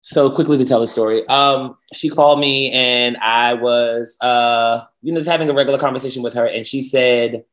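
A young man in casual podcast chat, his voice sitting at an ordinary middle pitch. He tells a personal story with plain emotion, and he slips in playful, sassy asides. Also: fairly even intonation, normal speed, hardly any pauses, fairly bright tone. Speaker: podcast co-host.

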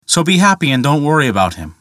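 A calm, reassuring peahen, as a man puts her on. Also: on the high side, fast talker, no room sound. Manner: soothing, reassuring.

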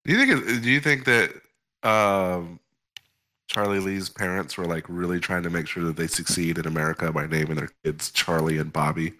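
A man's voice: deep voice, steady tone, normal speed, bright, forceful tone. A man co-hosting a casual crypto news podcast, teasing his partner and throwing out provocative questions. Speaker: podcast co-host.

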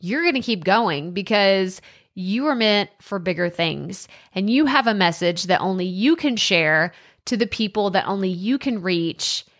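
A young adult woman with a Texan accent talks through her solo podcast episode. She is chatty and self-deprecating and often laughs at herself. Her pitch sits in a middle range for a woman. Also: expressive, a little slow. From Texas. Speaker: podcast host.

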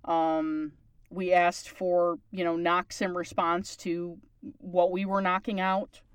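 A woman's voice: on the low side, level tone, slow pace, smooth, no room sound. A woman from Newfoundland with a townie accent, hosting a podcast and chatting at length in a casual way. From Newfoundland, Canada. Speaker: podcast host. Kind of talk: casual chat.

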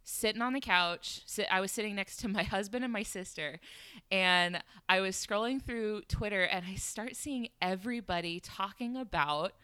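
Bright, animated woman telling a story. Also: mid-range voice, moderate pace, smooth, no room sound. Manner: animated, laughing often, many fillers. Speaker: podcast guest. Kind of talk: casual storytelling chat. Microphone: home podcast microphone.

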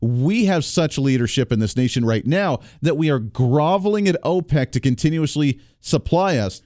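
A man hosting a live talk radio show, delivering an energetic, sarcastic monologue from a radio studio. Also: a little high, moderate pace, dry recording. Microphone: studio microphone.

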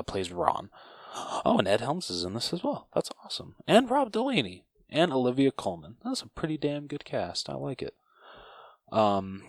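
A man's voice: medium pitch, no echo, studio quality. A man hosting a podcast alone, chatting casually and enthusiastically about films, rambling and swearing freely. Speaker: podcast host. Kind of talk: casual movie review chat.

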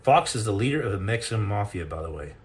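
A man's voice: fairly low pitch, expressive, quick pace. A middle-aged man hosting a casual live chat and answering questions, telling rambling, jokey stories with many restarts and repeated words.

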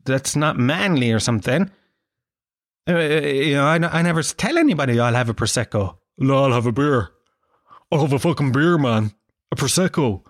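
A man's voice: on the high side, dry recording, clean studio sound. A man in his thirties with an Irish accent, hosting a podcast in a rambling, sweary, self-mocking comic monologue. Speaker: podcast host.

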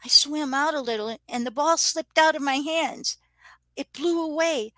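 A woman's voice: high voice, normal speed, a bit bright, no room sound, pitched above the performer's own voice. A woman voicing a frightened twelve-year-old girl who speaks in a small, murmuring voice.

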